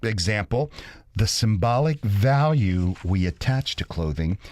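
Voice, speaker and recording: Male radio co-host, low voice, dry close sound, casual rambling chat. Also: expressive, unhurried, a little mellow, dry recording. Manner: rambling, retells a study loosely.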